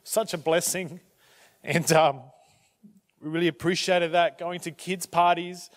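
Guy pastor chatting to his church, kinda high voice, lots of um and uh, jokes at his own expense. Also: fairly even intonation. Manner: halting, with many fillers and restarts; self-deprecating humour. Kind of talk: church talk.

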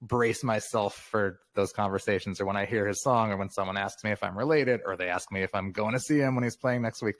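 A man in his fifties, a memoir author, talking as a podcast guest in a relaxed, reflective way and laughing often. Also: fairly low pitch. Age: 50s. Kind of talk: casual interview conversation.

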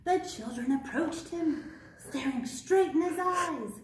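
A young woman librarian reading a picture book aloud at children's storytime, gentle and playful, asking the kids questions. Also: high-pitched, animated, slow pace, a little hiss or hum. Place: public library room. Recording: echoey room, mic far off.

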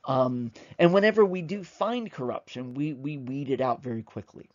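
A man's voice: mid-range voice, normal speed, a little mellow, dull audio. A man giving an informal history lecture, talking conversationally and emphatically with frequent fillers and repeats.

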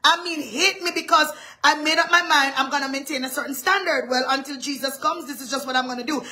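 A woman's voice: high-pitched, fast talker, sharp tone. A middle-aged woman pastor delivering a live-streamed sermon in an emphatic, dramatic manner.

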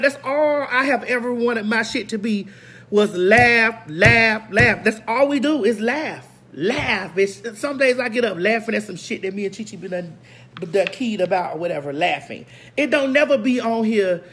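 A woman's voice: mid-range voice, animated, moderate pace, a bit bright, breathy edge. A woman hosting her own online show in a brash, profane, unscripted rant to viewers, hammering single words over and over.

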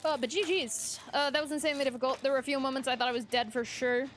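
A woman's voice: high-pitched, steady tone, quick pace, soft background music. A young woman live-streaming a game, chatting casually, giggling and greeting her chat.

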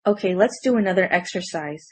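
Lowish husky woman doing a scripted grammar lesson, clear careful explaining. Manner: clear, measured explanations with slow example sentences. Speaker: language teacher.

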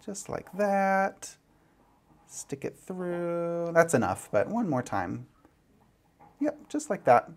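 A man's voice: on the high side, sing-song, takes it slowly, pauses often. A man giving a step-by-step knitting tutorial, chatty and playful as he demonstrates each move. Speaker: knitting instructor.

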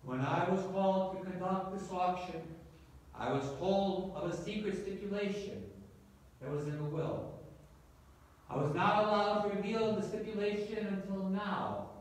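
A man's voice: sits high, fairly even intonation, unhurried. A man voicing an insistent, formal male auctioneer who keeps calling for bids, in an echoey church from far off. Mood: explaining. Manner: repeating calls for bids.

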